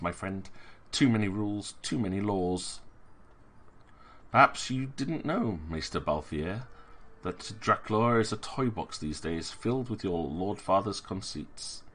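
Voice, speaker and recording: A man doing a sly, smooth-talking informant who wheedles and flatters with theatrical flair. The voice swoops lively up and down and has a bright, forceful edge. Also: lowish voice.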